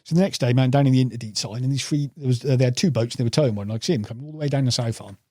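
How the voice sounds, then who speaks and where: A man's voice: medium pitch, rapid-fire, mellow, no room sound, studio quality. A man telling rambling fishing anecdotes as a podcast guest, calling the host "mate". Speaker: podcast guest, carp angler. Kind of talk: casual storytelling interview.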